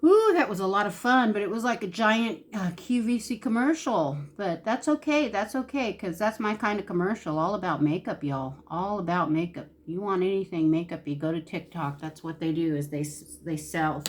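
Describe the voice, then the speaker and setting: This beauty vlogger is a woman with a fairly low pitch who talks at normal speed with hardly any pauses while doing her makeup. Her casual tutorial chat is candid and emotional, with Southern-style "y'all"s, and she is close to tears at times.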